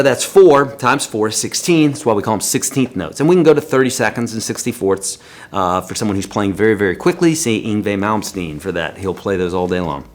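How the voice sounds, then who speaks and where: A man's voice: on the low side, animated, fairly quick. Chatty man teaching a live guitar lesson. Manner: counts beats aloud, chatty and encouraging. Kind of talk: live-streamed music lesson.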